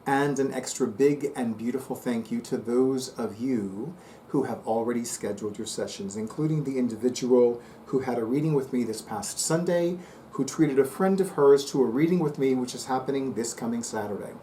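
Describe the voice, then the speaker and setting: A man talking casually to his viewers, chatty and playful with lively asides. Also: medium pitch, normal speed, slight background noise. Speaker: psychic reader and YouTuber. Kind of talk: casual monologue to camera.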